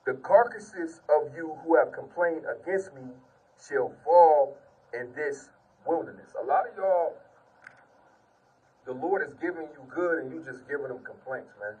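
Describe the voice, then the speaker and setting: Husky-voiced man preaching from afar. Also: fairly high pitch, animated, unhurried, mellow, distant mic, dull audio. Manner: earnest, repetitive, peppers speech with "man"; sits on the ground while preaching. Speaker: preacher giving a testimony. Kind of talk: informal preaching and scripture reading.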